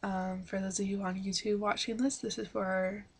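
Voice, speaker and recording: A Manitoba woman with a Canadian accent reads questions aloud and answers them plainly for a casual accent-challenge vlog. Her voice is medium-pitched and level at a normal speed, captured on a webcam microphone.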